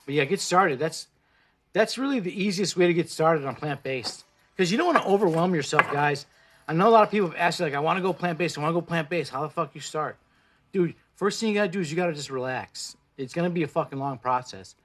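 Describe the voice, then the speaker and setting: Foul-mouthed guy in his 40s doing a live, spanish first language, blunt pep talk, pitch a bit up. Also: expressive, fairly quick, fairly bright tone. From Mexico. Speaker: plant-based food vlogger. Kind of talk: casual livestream chat. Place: indoors, live stream.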